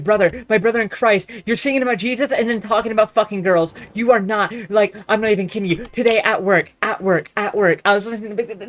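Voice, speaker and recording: A young man from Texas, ranting loudly in a profane, rambling monologue full of restarts. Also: sits high. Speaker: vlogger.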